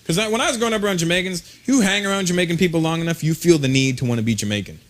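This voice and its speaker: A male stand-up comedian on stage, telling animated, mocking stories and slipping into voices. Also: on the high side, rapid-fire. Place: on stage before a live audience. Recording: live stand-up recording, loud background noise.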